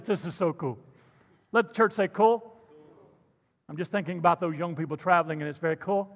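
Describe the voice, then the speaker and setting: A man preaching a sermon, animated and jokey, calling out to the congregation. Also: high voice, long reverb tail. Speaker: pastor.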